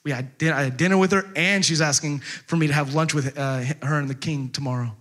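A man acting out a boastful, scheming male royal official while retelling a story in a sermon, talking fast and indignant. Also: a little high, steady tone, a bit bright, close to an everyday voice. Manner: bragging, rushed and indignant.

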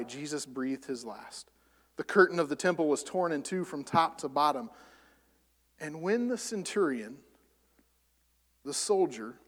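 A man preaching a sermon, rising to loud emphatic peaks and falling back soft. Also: sits high, in a large hall. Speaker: pastor.

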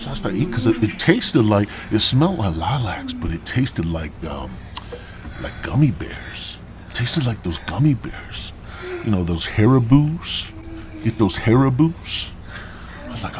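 A man's voice: fairly low pitch, moderate pace, background noise. A man hosting a podcast, telling a crude comic story in a profane, rambling way. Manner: profane, rambling, animated retelling. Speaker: podcast host.

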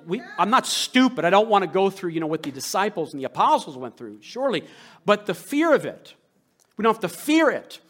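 High-voiced American man preaching. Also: sing-song, a little fast. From United States. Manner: impassioned, swings from loud to hushed, many rhetorical questions. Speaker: rabbi preaching. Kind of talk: sermon.

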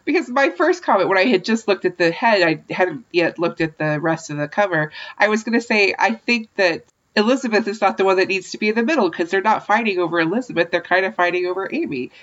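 A woman's voice: medium pitch, animated, fast, highs cut off. A woman co-hosting a podcast, chatting casually and animatedly about a book, laughing often. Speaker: podcast co-host. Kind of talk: casual chat recapping a book.

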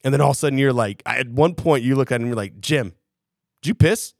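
A man's voice: medium pitch, rapid-fire, vocal fry, no room sound, clean studio sound. A man on a podcast telling a rowdy story in casual chat, swearing freely and acting out what others said. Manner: animated, profane, acts out quotes. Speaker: podcast co-host.

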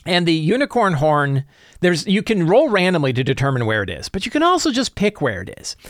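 Lively man sharing game-master tips. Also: fairly high pitch, brisk, dry recording, clean studio sound. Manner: animated, acts out players' reactions. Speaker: tabletop game master giving advice. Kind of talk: casual tips talk.

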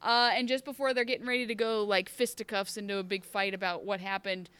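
A woman's voice: mid-range voice, fairly even intonation, quick pace, fairly bright tone, clear, resonant tone, no room sound. A woman co-hosting a podcast and recapping a TV episode in casual chat. She rambles, interrupts herself, and sounds wry and emotional.

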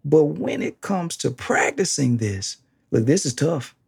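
Brief: husky, gravelly preacher, slow and emphatic, pitch swings widely through the sermon. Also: lively intonation, darkish tone. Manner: emphatic, repeats key phrases, laughs often.

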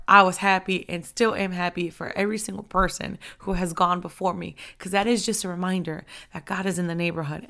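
A woman giving an impassioned, conversational devotional talk into a microphone, her fervent delivery rising to shouts. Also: mid-range voice, gravelly. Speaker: ministry preacher. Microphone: handheld microphone.

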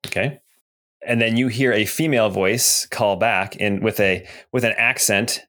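A man's voice: fairly low pitch, unhurried, sharp tone. A man running a tabletop game, describing scenes and calling turns. He is easygoing and chatty, leaning on fillers as he narrates. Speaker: game master.

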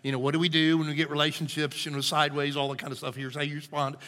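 A male pastor preaching a sermon in a church sanctuary, emphatic and animated, often checking in with his listeners. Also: a little high, racing. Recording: long hall reverb.

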